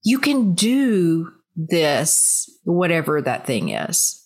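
Woman podcast co-host, slow-paced, upbeat casual chat. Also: fairly low pitch, big pitch swings. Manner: encouraging, upbeat.

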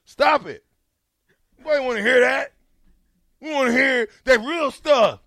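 A man hosting a sports talk show, mocking a clip with laughter and loud asides. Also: very high-pitched, a little slow, vocal fry, no echo, clean studio sound.

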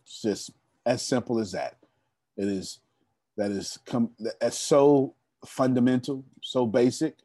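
Here a young man with a mid-range, slightly mellow voice delivers a motivational story at a members' meeting, speaking straight to the crowd in an emphatic, preachy style. The recording is clean studio audio with no room sound.

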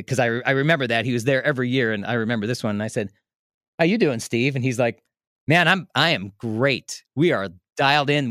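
A man telling a story in a casual, animated way, laughing often and restarting his sentences. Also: mid-range voice, dry recording, studio quality. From Milwaukee area, United States. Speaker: radio host telling a story as a podcast guest.

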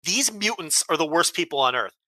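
A man's voice: a little high, lively intonation, fairly quick, bright, forceful tone, dry recording. A man hosting a wrestling podcast, ranting bluntly with heavy swearing and exasperation. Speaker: podcast host. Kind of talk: casual chat, ranting.

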